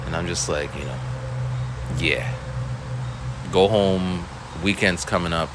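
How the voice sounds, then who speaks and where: A man's voice: deep voice, slow, noisy background. A male schoolteacher telling a story in a casual, rambling monologue, full of restarts and voiced quotes. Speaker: school teacher.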